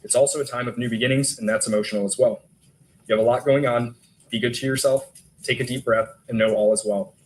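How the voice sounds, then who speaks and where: A man's voice: medium pitch, a little hiss or hum, rough recording. A male detective testifying in court, steadily reading text messages aloud. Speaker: detective witness.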